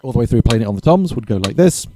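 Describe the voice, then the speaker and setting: A man's voice: medium pitch, very animated, very fast, mellow, slight background noise. A man giving a casual drum lesson, thinking aloud and correcting himself as he explains exercises. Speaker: drum teacher.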